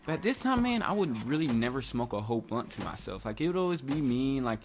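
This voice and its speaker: A man in his twenties telling a story in a casual vlog, animated and swearing a lot. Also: medium pitch, slight background noise. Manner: rapid, animated, heavy swearing. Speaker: vlogger.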